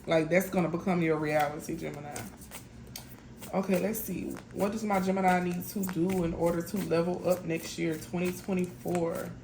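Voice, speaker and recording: Chatty woman reading tarot, low voice. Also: steady tone, normal speed, creaky, background noise. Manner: chatty, blunt, lots of "y'all" and "like". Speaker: tarot reader.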